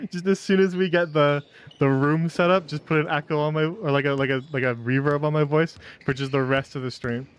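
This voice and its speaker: A man's voice: fairly high pitch, moderate pace, smooth. A man chatting casually on a live stream, laughing often and rambling between jokes. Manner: giggly, rambling, self-mocking.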